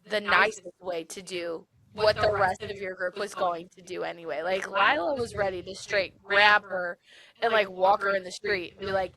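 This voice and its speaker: A young woman co-hosting a podcast, retelling a book's plot in a chatty, animated way with many fillers. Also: mid-range voice, moderate pace. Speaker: podcast co-host. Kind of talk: casual book discussion.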